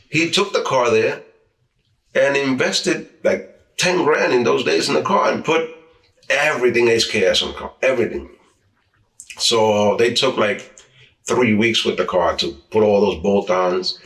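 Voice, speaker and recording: A man's voice: medium pitch, normal speed, pauses often, far from the mic. Man telling stories in a roomy room. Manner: lively storyteller who acts out quoted dialogue with repeated restarts. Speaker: interviewee, former street racer. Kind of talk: casual storytelling interview. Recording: roomy sound, mic set back from speaker.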